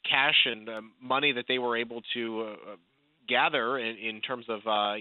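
A man giving commentary as a guest in a radio interview, speaking haltingly with many fillers. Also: medium pitch, fairly even intonation, no room sound. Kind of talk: phone-in interview. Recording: tinny phone line.

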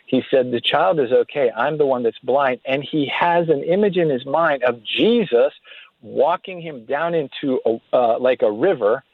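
A man's voice: medium pitch, normal speed, no room sound. A man tells stories as a guest on a radio show. His voice comes through a narrow, tinny phone line with no room sound. He talks earnestly and often restarts his phrases. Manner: earnest, faith-filled storytelling with frequent restarts. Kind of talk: storytelling in a radio interview.

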